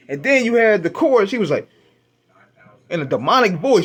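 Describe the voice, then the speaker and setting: This is a male radio host, recounting a memory in loose, casual storytelling. His voice sits a bit high and moves with lively, animated swings in pitch. He talks in a profane, expressive way, often laughing at his own reactions. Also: a little fast, pauses often, breathy edge. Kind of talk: casual storytelling album review.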